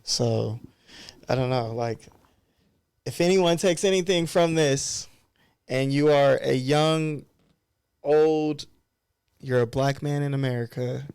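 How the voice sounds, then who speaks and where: A man's voice: mid-range voice, fairly even intonation, takes it slowly, long pauses, darkish tone, clear, resonant tone, dry recording, studio quality. A man in his thirties, a barber guest on a podcast, talking in a candid, loose and reflective way. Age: 30s. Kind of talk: casual podcast conversation.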